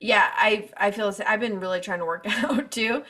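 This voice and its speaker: A woman's voice: mid-range voice, a little fast. A woman co-hosting a podcast in casual chat, joking and laughing often. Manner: giggly, animated, jokey. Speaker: podcast co-host.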